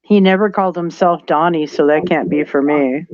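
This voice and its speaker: Joking woman on a ghost stream, dry muffled audio, quick to push back. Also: deep voice, no echo. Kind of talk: casual live stream chat.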